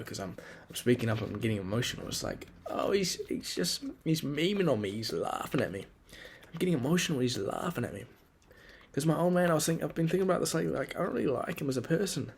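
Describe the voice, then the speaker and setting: A man's voice: medium pitch, darkish tone, slight background noise. A young man in a casual spoken journal, rambling crudely and criticizing himself while planning his day. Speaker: vlogger.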